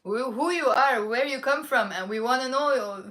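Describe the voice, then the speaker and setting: A woman with a Lebanese accent giving a casual language lesson, chatty, repeating phrases slowly and checking in with "okay?" often. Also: high voice, fairly bright tone. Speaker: Arabic teacher.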